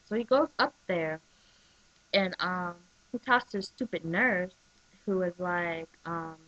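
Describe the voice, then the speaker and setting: A woman's voice: lowish voice, unhurried, dry recording. Chatty woman recapping on a webcam. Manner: chatty and excitable, full of "like" and "um". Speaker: soap opera recap vlogger. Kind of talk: casual chat. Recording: dull lo-fi webcam audio.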